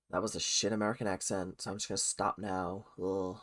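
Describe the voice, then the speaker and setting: A woman hosting a reaction video, ranting with animated exasperation and talking back at the screen. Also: a bass voice, fast, hardly any pauses.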